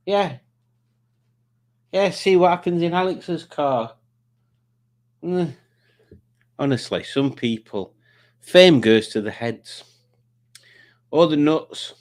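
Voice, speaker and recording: A man's voice: medium pitch, animated, slow pace, long pauses. Male livestream host, casual rambling chat, stumbles and restarts. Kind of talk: casual chat reading comments.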